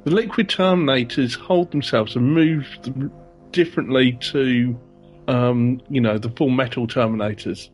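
A man co-hosting a casual podcast chat about a TV episode, chatty and quick to laugh. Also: soft background music. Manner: chatty, giggly, acts out quotes with rising pitch. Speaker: podcast co-host.

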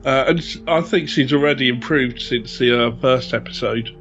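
Guy on a podcast, calm and thoughtful, audio a bit dull, quiet music behind. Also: medium pitch, moderate pace. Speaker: podcast co-host. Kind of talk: casual chat.

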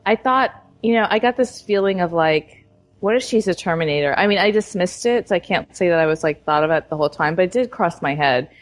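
A woman's voice: lowish voice, expressive, fast. A woman co-hosting a casual podcast chat, giggly and saying "like" often. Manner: giggly, uses "like" often, self-mocking. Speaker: podcast co-host. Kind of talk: casual chat about a TV episode.

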